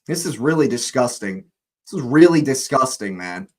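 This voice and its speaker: A man's voice: medium pitch, expressive, normal speed, rough recording. A young man hosting a live football watch-along, ranting angrily at the referee, swearing and repeating himself.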